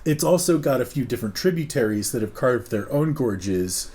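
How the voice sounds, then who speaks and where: A man's voice: medium pitch, expressive, moderate pace, dark tone. A man from Oregon telling a story in a casual, rambling, profane way, full of "like" and "dude". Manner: rambling, profane, laid-back, many "like"s and "dude"s. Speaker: podcast co-host.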